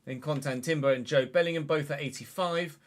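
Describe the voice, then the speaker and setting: Young man, gaming commentary, somewhat high voice, exasperated rants and swearing. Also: steady tone, fairly quick. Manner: swears and shouts in frustration at the game. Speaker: gaming streamer. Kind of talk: live gameplay commentary.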